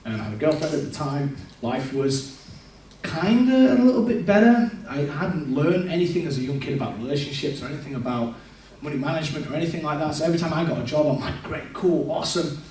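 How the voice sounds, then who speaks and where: At a church service, a man gives a candid personal testimony, telling his story and acting out what he said back then. His fairly high, slightly mellow voice moves fast with lively intonation, picked up by a distant mic in a large, echoey church hall.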